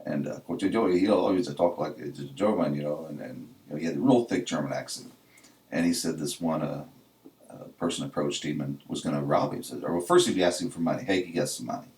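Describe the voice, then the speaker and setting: A man's voice: very deep voice, a little fast, a little mellow. A man co-hosting a casual podcast, telling a story in an easygoing way. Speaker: podcast co-host. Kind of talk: casual chat. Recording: echoey room, distant from the mic.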